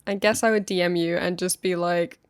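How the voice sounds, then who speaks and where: A woman's voice: lowish voice, fairly even intonation, brisk, smooth, no room sound, studio quality. A woman co-hosting a casual podcast, talking in a laid-back way, laughing easily and leaning on filler words. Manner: laid-back, giggly, says like a lot. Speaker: podcast co-host. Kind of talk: casual chat. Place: England.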